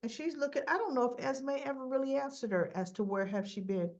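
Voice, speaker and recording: A woman's voice: high-pitched, brisk, darkish tone. Woman gabbing about a soap, acts out all the lines, kinda muffled home recording. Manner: chatty and opinionated, retells scenes acting out lines. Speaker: soap opera recap host. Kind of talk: casual chat.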